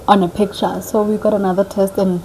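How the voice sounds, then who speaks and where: A young woman vlogger telling a story casually, chatty and animated, acting out what people said. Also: medium pitch, brisk, slight background noise, rough recording. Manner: animated, chatty, acts out quoted dialogue.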